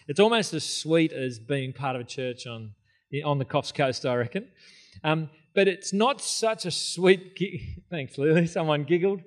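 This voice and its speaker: A man's voice: a little high, unhurried. Casual man preaching a sermon. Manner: casual, joking, conversational preaching with filler words. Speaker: pastor. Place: church hall.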